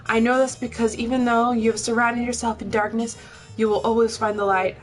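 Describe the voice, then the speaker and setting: A woman voicing a lovelorn female spirit of death who pleads in a high, breathless, yearning voice. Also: little pitch movement, brisk, soft background music, close to an everyday voice. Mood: pleading.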